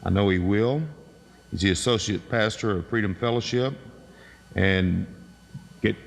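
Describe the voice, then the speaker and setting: A man on the school staff introduces the guest speaker, pausing and filling gaps as he goes. His low, gravelly voice carries a long hall reverb. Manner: halting, with many fillers. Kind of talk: ceremony introduction. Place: ceremony hall.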